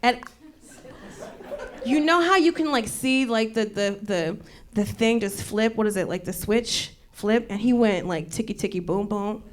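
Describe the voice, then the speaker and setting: A woman comedian hosting a live show, telling a profane, animated story and acting out the people in it. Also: on the high side, unhurried. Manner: animated, profane, acts out quoted voices. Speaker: comedian host. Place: stage before a live audience. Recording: loud crowd laughter. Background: audience laughter.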